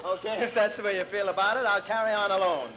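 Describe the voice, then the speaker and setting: A man's voice: high-pitched, steady tone, fast talker, muffled recording, a crowd in the background. A man doing 1940s radio comedy in mock announcer patter. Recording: scratchy 1940s radio, studio audience.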